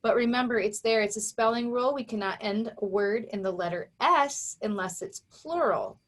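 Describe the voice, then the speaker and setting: A woman teacher walks young readers through a word list, sounding out letters and syllables slowly and clearly. Her voice sits a little high. She stays patient and encouraging from word to word. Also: a bit bright. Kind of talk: reading lesson for young children.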